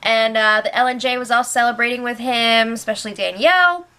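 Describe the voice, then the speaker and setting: Bright-voiced chatty woman recapping. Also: a little high, brisk, smooth. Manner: chatty and opinionated, acts out quotes. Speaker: show recap host. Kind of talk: casual spoiler recap.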